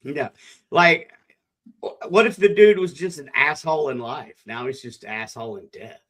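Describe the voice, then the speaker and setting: High, lively wisecracking man. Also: normal speed. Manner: wisecracking interjections. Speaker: podcast co-host. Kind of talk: casual podcast chat.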